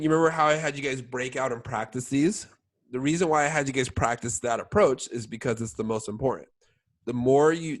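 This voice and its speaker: Casual young man coaching a sales team. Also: mid-range voice. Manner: filler-heavy, keeps checking in with "all right?". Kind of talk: casual training talk.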